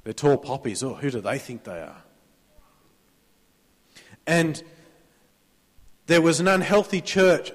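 A man's voice: a little high, big-room sound. A man with an Australian accent preaching a sermon in a church, talking conversationally, prompting the congregation to answer amen, with a sore throat. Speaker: pastor.

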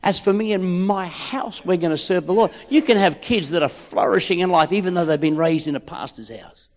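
This high-pitched Australian man talks a little fast while delivering a stirring, humorous sermon as a pastor. The recording was made in a big hall and carries a noticeable echo.

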